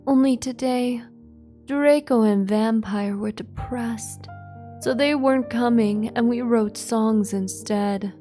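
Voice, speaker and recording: Slow, deadpan woman reading aloud. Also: a little high, faint music behind. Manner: deadpan with sarcastic asides. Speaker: virtual streamer reading aloud. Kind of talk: comic dramatic reading of a fan fiction.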